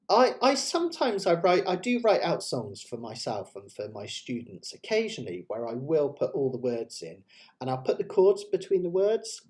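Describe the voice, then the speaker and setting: A man hosting an online ukulele jam, chatting and explaining chords step by step. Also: medium pitch. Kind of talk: casual online music lesson. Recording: loud ukulele music behind the voice.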